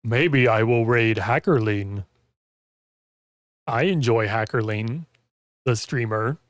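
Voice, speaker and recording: A man's voice: mid-range voice, takes it slowly, dry recording, clean studio sound. Rambling man streaming, losing his voice. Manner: rambling, heavy use of "like". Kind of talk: casual chat while gaming.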